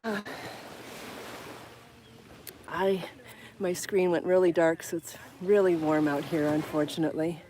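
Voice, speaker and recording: A woman's voice: lowish voice, fairly even intonation, unhurried, pauses often, mellow, slight background noise. A woman hosting a live stream outdoors on the way to a beach. She talks casually into a handheld phone, chatty and apologetic, laughing often and out of breath. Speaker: podcast host on a live stream. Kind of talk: casual live vlog while walking a bike. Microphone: phone held in hand.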